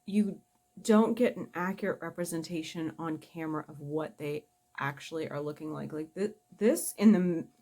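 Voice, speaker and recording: A middle-aged makeup vlogger chats casually through a tutorial in a deep, warm voice at a normal speed. She's blunt, swears freely, and pokes fun at herself.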